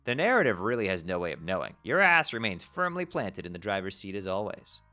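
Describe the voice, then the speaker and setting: A man streaming, reading a webcomic aloud to his chat, animated and quick to swear and rant. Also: deep voice. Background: faint background music.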